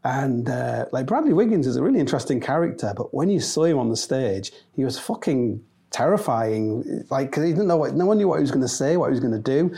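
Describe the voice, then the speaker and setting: A man's voice: medium pitch, big pitch swings, a little fast, gravelly, hardly any pauses, mellow, slightly rough. A man telling a rambling, sweary, self-mocking anecdote in a casual chat. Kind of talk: casual storytelling.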